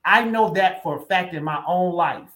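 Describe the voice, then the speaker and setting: A man's voice: high voice, moderate pace, sharp tone. A man preaching in a conversational sermon, emphatic and repeating lines for weight. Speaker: pastor.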